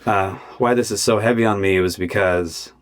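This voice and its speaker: A man's voice: lowish voice, fairly even intonation, normal speed. A middle-aged man hosting a podcast, telling a personal story in an earnest, casual way with many restarts. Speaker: podcast host and youth football coach.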